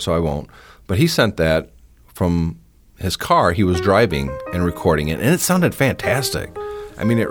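Deep-voiced chatty male podcast host. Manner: chatty, opinionated, with frequent fillers and restarts. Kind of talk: casual solo podcast talk. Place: indoor home studio.

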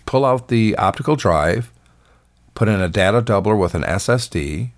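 Low-voiced enthusiastic man hosting a tech podcast. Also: expressive, moderate pace. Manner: chatty and enthusiastic, with filler words. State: voice sounds off, a bit rough. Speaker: podcast host. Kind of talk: casual tech podcast monologue.

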